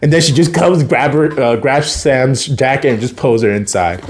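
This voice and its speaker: A man's voice: mid-range voice, normal speed, darkish tone, slight background noise. A man casually retelling a TV episode, chatty, laughing often and acting out the characters' lines. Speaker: TV episode recapper.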